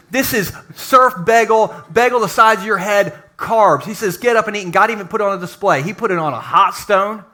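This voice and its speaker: A male pastor preaching a sermon at a live church service, lively and joking, acting out quotes. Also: high-pitched.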